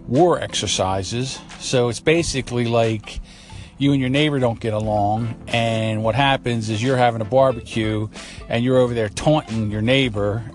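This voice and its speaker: A man hosting a talk show, delivering a blunt, profane, opinionated monologue with a ranting manner. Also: mid-range voice. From United States. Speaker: commentary show host.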